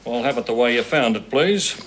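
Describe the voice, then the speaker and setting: An actor playing a grumpy, bigoted middle-aged Australian father who talks in a gruff, mocking, blustering way. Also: mid-range voice, lively intonation, fairly quick, a little hiss or hum, close to an everyday voice. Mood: scornful. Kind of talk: sitcom acting.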